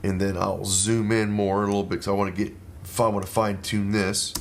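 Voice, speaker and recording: A middle-aged man and musician talking casually through his studio work, relaxed and rambling with plenty of fillers and restarts. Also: fairly low pitch, a little fast, a little hiss or hum.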